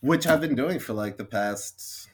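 A man's voice: medium pitch, lively intonation, measured pace, crowd noise. A young man co-hosting a podcast, venting in a frustrated, sweary, sarcastically apologetic rant. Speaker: podcast co-host. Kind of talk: casual chat.

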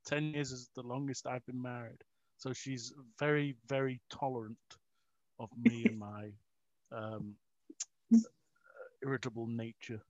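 A man's voice: mid-range voice, little pitch movement, measured pace, pauses often, no room sound. A middle-aged man in a casual chat, rambling with restarts, self-mocking and often chuckling. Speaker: interview guest. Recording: dull lo-fi recording.

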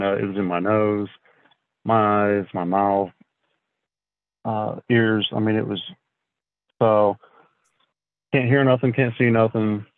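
Slow gravelly man, phone-thin sound. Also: on the low side, dry recording, phone-quality sound. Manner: slow, halting, frequent throat clearing and fillers. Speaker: podcast guest. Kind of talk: casual storytelling.

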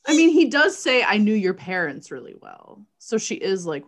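A woman's voice: mid-range voice, big pitch swings, normal speed. Wry woman podcast co-host. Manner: wry, quotes dialogue, laughs along. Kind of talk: casual movie recap chat.

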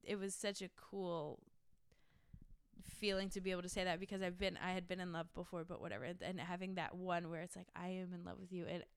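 Young singer-songwriter woman, smooth and low. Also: steady tone, fairly quick, no echo. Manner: gushing, emotional, lots of fillers. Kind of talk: casual interview chat.

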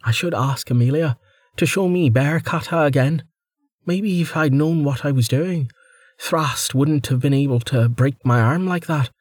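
A man's voice: fairly high pitch, unhurried, darkish tone, husky, no room sound, clean studio sound, pitched above the performer's own voice. A man voicing a restless young male fighter, wry and self-critical, muttering his thoughts. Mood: musing.

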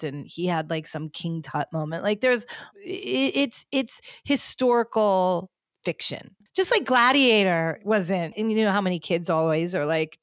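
A woman's voice: on the low side, dry recording, studio quality. A woman hosting a podcast, ranting animatedly in casual chat with lots of filler words. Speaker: podcast host.

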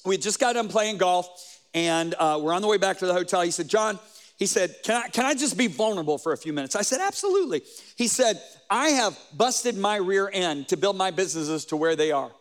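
A man's voice: sits high, expressive, a little fast. A man preaching a sermon, telling stories and quoting conversations, with frequent rhetorical questions.

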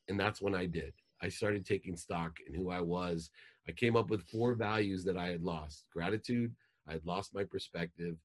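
A man telling an emotional personal story as a podcast guest, growing animated as he relives it. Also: sits low, normal speed.

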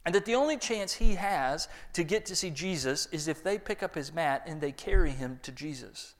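A man preaching a sermon, acting out the voices in the story and swinging between loud lines and hushed ones. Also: on the high side, expressive, moderate pace. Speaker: pastor.

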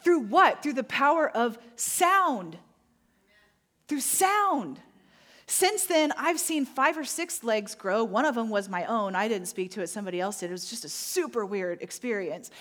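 Animated woman preaching a sermon. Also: fairly high pitch. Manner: animated storytelling, acting out moments; slow emphatic phrasing on key points. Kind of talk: sermon with personal storytelling.

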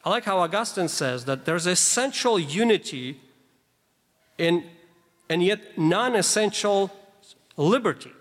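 A man's voice: high-pitched, lively intonation, unhurried, pauses often. A man preaching a sermon, explaining scripture verses emphatically with conversational asides to the congregation. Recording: long reverb of a large hall.

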